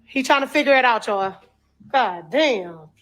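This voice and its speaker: Woman w/ a high voice cussing and going ooh lord while she films a cleanout on her phone. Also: expressive, unhurried. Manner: blunt, profane, exclaiming. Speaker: cleanup crew member filming a house. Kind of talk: casual vlog commentary while working. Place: indoors in a dirty house being cleared.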